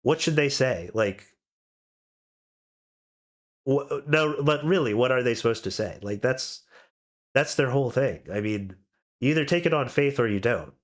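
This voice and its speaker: A man's voice: medium pitch, animated, measured pace, long pauses. A man on cold medicine telling a rambling story on a podcast, with lots of fillers and restarts. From expat living abroad. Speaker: podcast co-host. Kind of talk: casual podcast chat.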